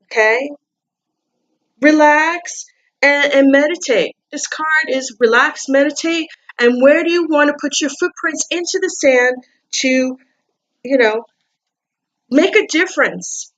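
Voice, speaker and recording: A woman with a non-native English accent gives a casual tarot card reading, repeating herself, restarting words and asking coaxing questions. Her high voice is a little slow with a fairly bright tone, in a muffled recording.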